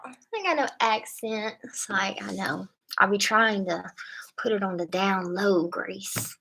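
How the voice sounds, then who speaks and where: A woman's voice: mid-range voice, a little slow, gravelly, bright, forceful tone, breathy edge, low-quality recording. A woman reading tarot on a live stream from a hotel room, chatting casually and playfully with viewers in slangy talk and laughing often.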